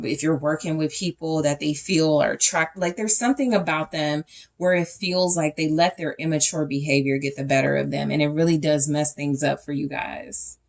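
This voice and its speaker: A young woman giving a casual pick-a-card tarot reading straight to her audience, thinking aloud with fillers and restarts as she turns over each card. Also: sits low. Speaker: tarot reader.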